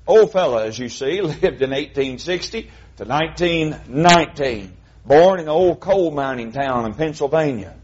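Husky folksy preacher man. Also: a little high, expressive, normal speed, a little mellow, highs cut off. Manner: folksy, conversational with frequent fillers. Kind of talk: sermon.

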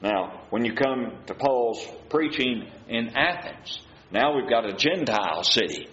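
A man's voice: mid-range voice, expressive, a little slow, fairly bright tone. A man preaching a sermon, reading scripture aloud and asking his listeners rhetorical questions. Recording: muffled, roomy recording with faint hiss.

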